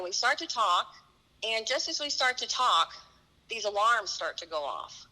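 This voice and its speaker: A woman's voice: on the high side, animated, normal speed, bright, forceful tone, rough recording. A middle-aged woman earnestly recounting a personal story, acting out the dialogue. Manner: earnest, vivid retelling with quoted dialogue. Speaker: guest telling her story.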